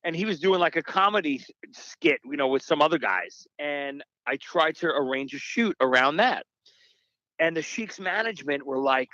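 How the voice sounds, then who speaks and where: A man talking as a guest on a podcast, telling stories with quick restarts and asides. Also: a little high, lively intonation, sharp tone, dry recording. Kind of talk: casual podcast interview. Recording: dull, slightly lo-fi dry sound.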